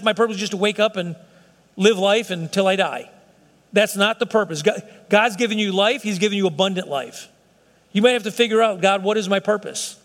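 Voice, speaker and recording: A man's voice: high voice, fairly bright tone. A middle-aged man preaching a sermon to his congregation, emphatic and conversational, often acting out quotes in other voices. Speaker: pastor. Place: church sanctuary. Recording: long reverb of a hall.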